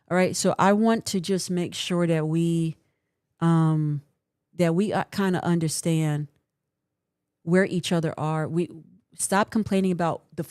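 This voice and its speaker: A woman's voice: fairly low pitch, a little mellow, no room sound, clean studio sound. A woman hosting a livestream, giving earnest, encouraging counseling advice in casual talk and often checking in with "right?".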